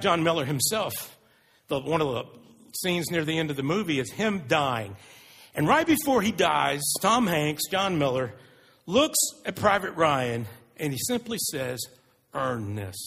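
A man preaching a sermon, retelling stories in an earnest, animated way. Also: on the high side, slightly rough. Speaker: pastor. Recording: long reverb of a large hall.

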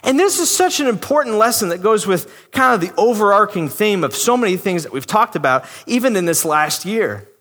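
Lively high-voiced man preaching in a hall. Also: a little fast, hardly any pauses. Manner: conversational, emphatic, acts out quoted voices. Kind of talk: sermon. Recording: long hall reverb.

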